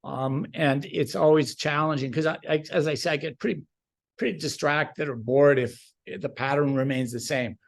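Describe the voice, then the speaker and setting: A man who directs television, speaking as a guest in a halting way with many restarts and some swearing. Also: on the high side, steady tone, vocal fry. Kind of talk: casual interview chat.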